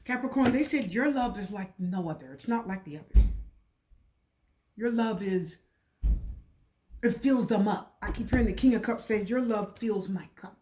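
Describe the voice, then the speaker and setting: A woman's voice: medium pitch, moderate pace, pauses often, darkish tone. A woman giving a casual, repetitive and emotional tarot reading. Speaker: tarot reader.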